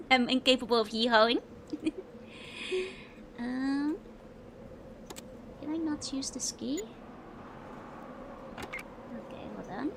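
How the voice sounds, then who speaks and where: Giggly high-voiced Dutch woman streamer. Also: slow pace, vocal fry, pauses often, background noise. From Netherlands. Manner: giggly, chatty, answering chat while playing. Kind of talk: casual game-stream chat.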